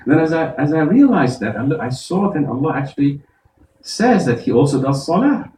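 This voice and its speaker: A man, an imam, giving a Friday sermon, explaining verses step by step and reciting Arabic quickly. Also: fairly high pitch, big pitch swings, warm tone, echoey room, recorded from a distance, slight background noise, poor audio. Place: mosque prayer hall.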